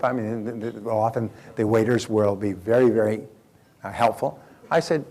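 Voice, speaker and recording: Older man, motivational speaker, gravelly voice, folksy rambling seminar storytelling. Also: lowish voice, normal speed, darkish tone. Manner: folksy storytelling with many fillers and restarts.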